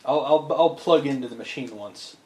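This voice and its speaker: A man's voice: mid-range voice, normal speed, dark tone, a little hiss or hum. A man co-hosting a podcast, chatting casually and rambling with enthusiasm, often restarting his thoughts. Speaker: podcast co-host. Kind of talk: casual chat. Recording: echoey room with faint ambience.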